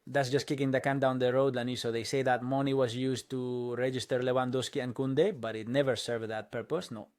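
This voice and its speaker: A man delivers a dubbed football opinion monologue at a middle pitch, rambling through fillers and restarts. He keeps breaking into indignant bursts. The recording is dry and close, with no room sound. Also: flat delivery, brisk, hardly any pauses, a little mellow, smooth, no echo. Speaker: football commentator.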